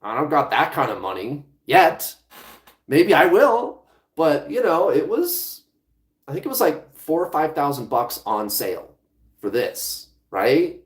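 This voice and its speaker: This law of attraction coach speaks at a measured pace in a fairly high voice with big swings in pitch. His casual vlog monologue is conversational, with restarted phrases and the odd curse, and it's recorded in an echoey room.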